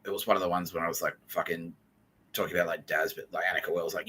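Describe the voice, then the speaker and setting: A man's voice: low-pitched, level tone, fast talker, pushed and bright, soft background music, rough recording. An Australian man hosting a podcast, telling a rambling story in a profane, agitated way. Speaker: podcast host. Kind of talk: casual rambling monologue.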